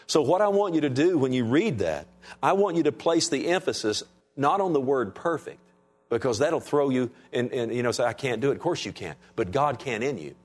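In a church sanctuary, a male pastor with a mid-range voice preaches to his congregation. He asks them "Amen?" and swings between raised, emphatic lines and hushed, soft ones.

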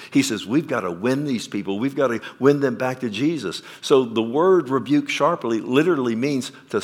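A male pastor with a lowish voice delivers a sermon. He puts questions to the congregation and swings from loud emphasis down to quiet.

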